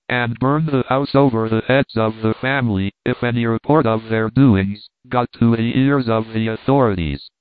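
A man's voice: medium pitch, clear, resonant tone, no room sound. Man reading a classic novel aloud. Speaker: audiobook narrator. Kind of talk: scripted narration of a classic novel. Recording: dry, phone-like narrow sound.

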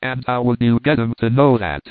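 A man's voice: medium pitch, normal speed, clean tone, no room sound, close to an everyday voice. A man voicing a loyal, practical servant who speaks earnestly and plainly. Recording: tinny phone-like dry sound.

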